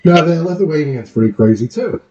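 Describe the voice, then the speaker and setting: A man's voice: on the high side, lively intonation, normal speed, warm tone, echoey room. A man co-hosting a podcast, agreeing eagerly and laughing often in casual banter. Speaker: podcast co-host. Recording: distant, dull mic.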